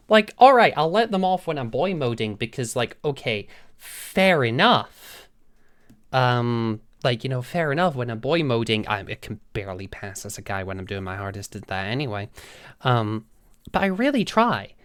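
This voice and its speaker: A woman with a rumbling low voice talks at a moderate pace. She's a streamer telling her chat a story in an animated, casual, sweary way, laughing often.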